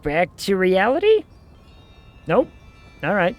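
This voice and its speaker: A man's voice: high-pitched, huge pitch swings, slow pace. A man streaming a game, making sarcastic, joking comments to his viewers as he plays. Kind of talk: live gameplay commentary.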